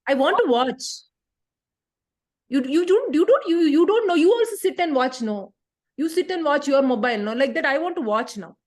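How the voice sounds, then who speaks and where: A woman's voice: on the high side, expressive, moderate pace, lightly acted. A woman playing a sulky ten-year-old girl who talks back to her mother, whiny and stammering.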